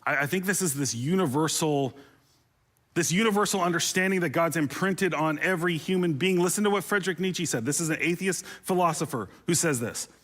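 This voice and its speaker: A man's voice: on the high side, brisk, a bit bright. A man preaching a sermon as pastor, conversational and humorous, with playful asides and rising intensity on emotional appeals.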